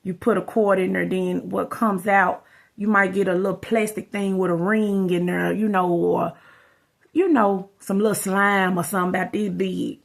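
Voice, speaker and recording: A woman's voice: mid-range voice, steady tone, normal speed, gravelly. A woman, talking straight to her viewers in a rambling, casual storytelling vlog. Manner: rambling, addresses viewers as y'all. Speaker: vlogger.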